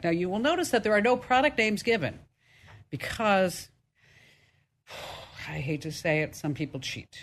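A woman with a New Jersey accent hosting a call-in tech radio show, chatty and animated. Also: on the low side, measured pace, long pauses.

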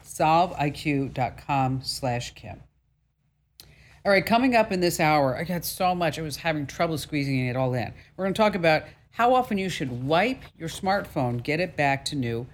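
A woman's voice: low-pitched, expressive, moderate pace. A woman hosting a radio tech talk show, brassy and jokey, with emphatic delivery and playful asides.

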